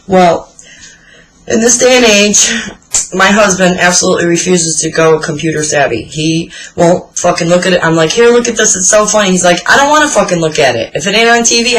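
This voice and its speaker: The recording is low quality with a little hiss or hum, carrying a low, slightly bright female voice. She's in her forties, a vlogger chatting casually through a tag video and telling blunt stories laced with profanity.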